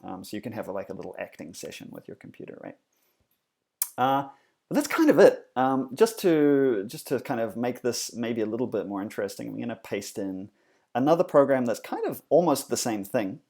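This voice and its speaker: A man's voice: mid-range voice, very animated, a little fast, creaky, a little mellow. A man teaching a coding lesson in a casual, explanatory way, with frequent fillers and self-corrections. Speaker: instructor. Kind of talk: screencast coding tutorial.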